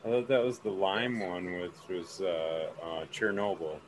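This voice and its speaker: A man's voice: low-pitched, fairly even intonation, a little slow, a little hiss or hum, poor audio. A man in casual chat, rambling and trailing off as he searches for words.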